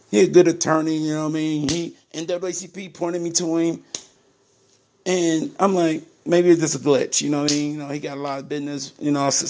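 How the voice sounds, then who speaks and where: Gravelly-voiced man addressing viewers directly. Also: on the high side, a little mellow. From Ohio, USA. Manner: emphatic and repetitive, addresses viewers as "people". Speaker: parent telling his story to viewers. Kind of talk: casual direct-to-camera monologue.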